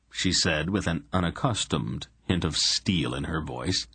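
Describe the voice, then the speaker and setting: Deep husky male audiobook narrator. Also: measured pace, hardly any pauses, bright, forceful tone, no room sound. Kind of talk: scripted narration.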